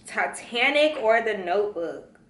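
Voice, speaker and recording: A woman's voice: fairly high pitch, expressive, measured pace, a bit bright, echoey room. A young woman from Chicago chatting casually with viewers, slangy and playful, answering their questions. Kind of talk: casual chat.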